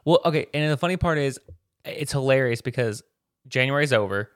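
A man's voice: mid-range voice, expressive, a little fast, no room sound, studio quality. A man co-hosting a podcast in an easygoing, conversational chat. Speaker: podcast co-host. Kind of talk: casual chat.

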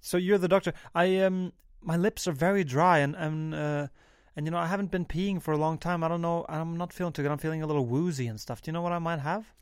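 A man's voice: a little high, quick pace, clean tone, dry recording, studio quality. A man hosting an improvised comedy sketch, flustered and stammering, often breaking into laughter. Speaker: host of a comedy bit.

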